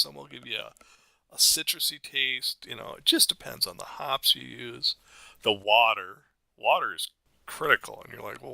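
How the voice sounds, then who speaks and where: A man's voice: medium pitch, gravelly, bright, forceful tone, no room sound. A middle-aged American man and father, chatting casually on a podcast and rambling through stories with frequent laughs. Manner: rambling, storytelling, laughs often. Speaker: co-host, father.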